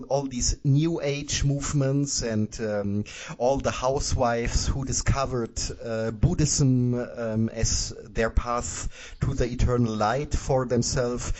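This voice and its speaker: A man's voice: mid-range voice, fairly even intonation, takes it slowly, a little mellow. A man from Germany co-hosting a podcast, talking politics in a wry way with chuckling asides. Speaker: podcast co-host. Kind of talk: casual political discussion. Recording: dull lo-fi sound.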